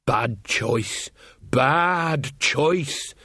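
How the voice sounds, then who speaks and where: A man voicing a cheerful old female witch who mumbles and tries to smooth things over. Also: mid-range voice, lively intonation, extremely slow, sharp tone, no room sound, clean studio sound, exaggerated voice. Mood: chummy. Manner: chummy, mumbling, soothing.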